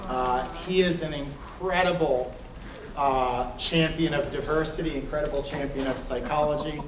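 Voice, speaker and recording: A man's voice: on the high side, steady tone, normal speed. A man giving brief appreciative closing thanks to a conference speaker. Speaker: event organizer thanking the speaker. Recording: roomy hall, distant mic, noise.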